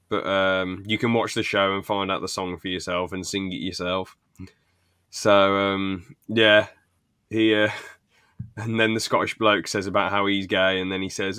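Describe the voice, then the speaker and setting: A man's voice: deep voice, level tone, moderate pace, bright, forceful tone, clean tone, dry recording. A young man co-hosting a podcast, rambling through sitcom scenes and laughing as he retells them. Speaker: podcast co-host. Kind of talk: casual chat recapping a sitcom.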